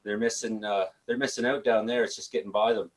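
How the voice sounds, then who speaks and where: A man from Canada hosting a casual call-in show, talking haltingly with many fillers and restarts. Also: fairly low pitch, fairly even intonation. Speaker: show host.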